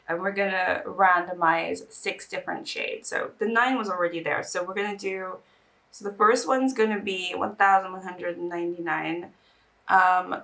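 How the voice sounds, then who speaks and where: Emotional and teary, this young woman sighs between bursts of chatter in a casual get-ready-with-me video as a beauty vlogger. Her medium-pitched voice is fairly bright with vocal fry, picked up on a distant mic, slightly off-mic.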